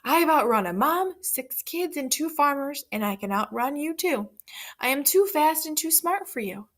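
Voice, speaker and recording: A woman voicing a boastful runaway male pancake who shouts his brags in a storybook read-aloud. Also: on the high side, a little slow. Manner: shouting, bragging.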